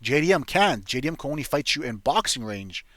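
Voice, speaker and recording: A young man talks through fight predictions in a blunt, profane, rambling way, piling on fillers as he goes. His voice sits at an average pitch. The recording is dry and close, with no room sound. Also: big pitch swings, brisk, fairly bright tone, dry recording. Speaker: MMA fight predictions host. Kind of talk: casual profane fight breakdown.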